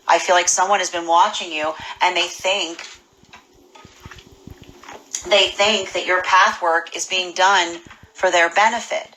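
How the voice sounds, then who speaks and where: A woman talks through a tarot reading in a casual, animated way, often stumbling over and repeating words as she goes. Her voice sits low for a woman yet comes across bright and forceful. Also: brisk, poor audio. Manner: acts out imagined people's voices. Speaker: tarot reader.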